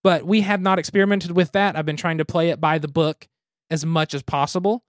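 Podcast host, man, relaxed and methodical, mid pitch, dry close sound. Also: brisk, no echo. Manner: easygoing, methodical reviewer. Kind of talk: casual podcast chat, beer and game review.

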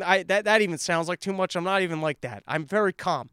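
A man hosting his own podcast alone, telling a comedic ranting story that swings between calm asides and near-shouting. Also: sits high, fast talker, hardly any pauses, clean tone, no echo, studio quality. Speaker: podcast host. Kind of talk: solo comedic rant. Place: apartment.

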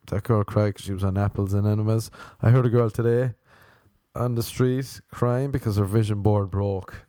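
A man performing a stand-up comedy routine, telling stories deadpan and breaking into animated voices for the people he quotes. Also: lowish voice, no echo, studio quality. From Ireland.

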